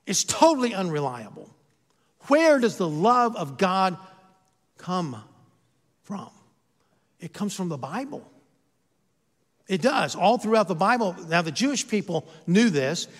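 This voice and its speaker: A man's voice: high voice, very animated, a little slow, long pauses, big-room sound. A man who is a pastor, preaching a sermon and asking his listeners rhetorical questions, his volume rising and falling.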